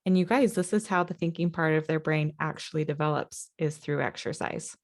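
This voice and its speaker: A woman's voice: sits low, fairly quick. A woman hosting a parenting conversation, earnest and speaking straight to parents as she sums up the advice. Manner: earnest, addresses parents directly, sums up points. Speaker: host. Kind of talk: casual podcast chat.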